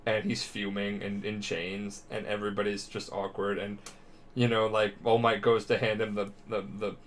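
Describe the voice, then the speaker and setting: A man's voice: on the low side, moderate pace, slight background noise. Drunk man rambling through a story. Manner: rambling, profane, animated. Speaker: podcast co-host. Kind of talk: casual podcast retelling.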